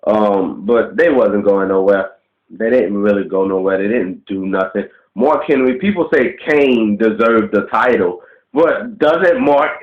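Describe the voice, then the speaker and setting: A man ranting casually to the camera, blunt and profane, firing off rhetorical questions. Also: fairly high pitch. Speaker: vlogger. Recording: roomy, dull lo-fi webcam audio.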